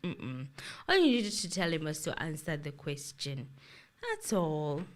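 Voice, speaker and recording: A woman commentating casually on a court trial, animated, quoting the exchanges and exclaiming as she goes. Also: low-pitched, a little slow. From South Africa. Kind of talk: casual chat.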